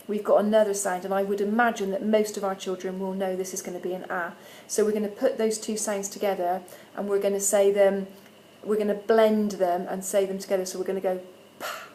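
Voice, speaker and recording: In a friendly how-to video for parents, a woman who teaches primary school sounds out letters slowly, clearly and patiently. She has a mellow, mid-range voice, and the audio is poor with slight hiss or hum.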